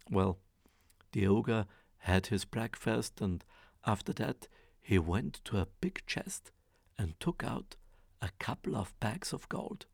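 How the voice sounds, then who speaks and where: Man storyteller for a fairy tale: slow, very gravelly, lively pitch, dry close sound. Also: no echo. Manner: expressive, rhythmic storytelling.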